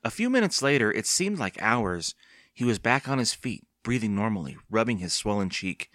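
A man narrating a children's horror book as an audiobook reader, steady and expressive. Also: lowish voice, normal speed, no room sound, clean studio sound. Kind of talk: scripted storybook narration.

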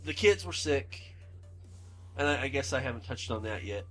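A man talks in a relaxed, casual way and often pauses on "uh" and "um." His tone is bright and sharp at a middling pitch. Music plays faintly behind him. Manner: relaxed, with hesitant "uh" and "um" fillers. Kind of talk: casual chat.

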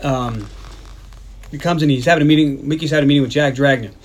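A man's voice: mid-range voice, fast talker. A man co-hosting a movie podcast, casually retelling the plot in a rambling way, swearing and acting out lines from the scenes. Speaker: podcast co-host.

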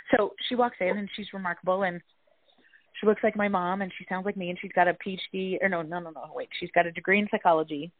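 A woman's voice: fairly low pitch, brisk, no room sound. A woman in her forties, a psychologist and author, telling a family story in a casual interview and acting out the voices she quotes. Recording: dry, tinny phone-like audio.

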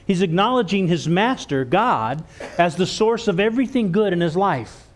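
A man's voice: high voice, expressive, normal speed. A man preaching a church sermon, earnest, stumbling over and repeating words as he goes. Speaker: pastor.

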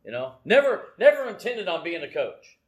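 Animated middle-aged man preaching casually. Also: high-pitched, normal speed. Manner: animated and self-deprecating, keeps adding "right?". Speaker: church leader giving a message. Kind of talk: casual sermon with personal stories. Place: church, speaking from the front.

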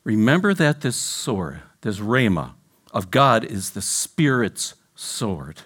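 A man preaching a sermon as pastor, questioning his congregation directly and dropping low and soft when he quotes scripture. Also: very animated, slow pace.

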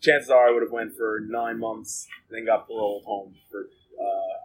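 In a low-quality recording with a little hiss or hum, a man with a lowish, steady voice speaks at a normal pace as an interview guest. He tells his own story of jail and addiction candidly, in a blunt, profane, rambling way full of filler words.

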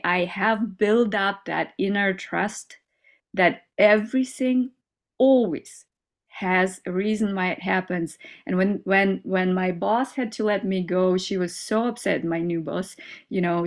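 A woman speaking as an interview guest in a casual, heartfelt conversation, earnest and upbeat, with many fillers and small laughs. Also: mid-range voice. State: mother.

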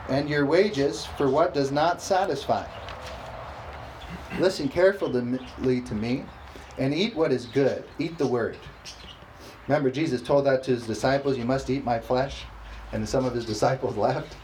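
A man preaching a sermon, reading scripture slowly and emphatically and calling for responses from the congregation. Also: medium pitch, a little mellow, slight background noise, low-quality recording. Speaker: pastor.

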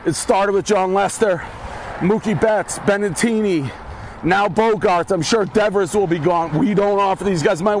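An out-of-breath man delivers a blunt, profane rant while walking. His voice sits high and pushes forward, and faint traffic hums in the background. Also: normal speed. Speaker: commentator ranting in a video clip. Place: outdoors on a street, walking.

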